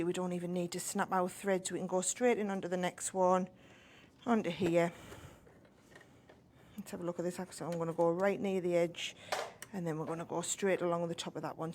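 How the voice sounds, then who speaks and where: A woman's voice: fairly low pitch, steady tone, moderate pace, noisy background. A woman with a northern English accent giving a chatty step-by-step sewing demonstration, checking in with "right?" as she goes. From northern England. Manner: chatty, explains step by step, tag questions. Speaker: crafting guest expert.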